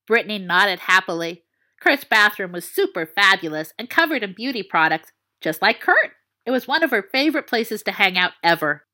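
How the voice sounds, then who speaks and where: A woman narrating a story in a playful, expressive reading. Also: mid-range voice, fairly quick.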